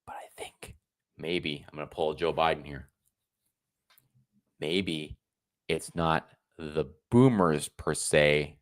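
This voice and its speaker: A man in his thirties from the United States offers sarcastic political commentary on a solo livestream, often starting his sentences over. His voice sits low.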